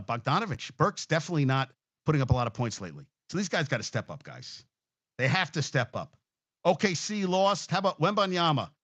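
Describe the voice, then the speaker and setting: A man's voice: a little high, fairly bright tone, dry recording. A man hosting a casual sports talk show, rambling, swearing freely and getting emotional as he talks.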